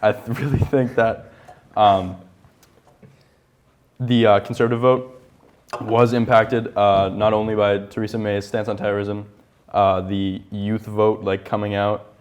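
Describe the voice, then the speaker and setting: A man's voice: on the low side, little pitch movement, a little slow, pauses often. A teenage boy talking in a student panel, rambling with many likes and uhs. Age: teens. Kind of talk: casual panel discussion.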